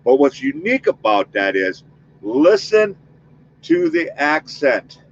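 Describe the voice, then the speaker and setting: A man's voice: mid-range voice, sing-song, slow pace, muffled recording, slight background noise. A man hosting a spirit-box session, chatting casually with his audience and leading a spoken protection prayer. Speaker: paranormal investigator host.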